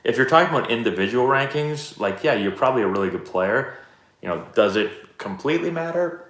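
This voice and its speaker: A man in his thirties hosting a live stream, answering chat questions in a relaxed, rambling, self-deprecating way. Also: mid-range voice, brisk. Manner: laid-back, rambling, self-deprecating storyteller. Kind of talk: casual chat. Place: indoor room, live stream. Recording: roomy echo.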